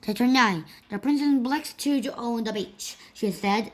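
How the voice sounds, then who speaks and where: Slow, careful woman reading a storybook. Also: fairly high pitch. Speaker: storybook reader. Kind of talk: children's storybook read-aloud.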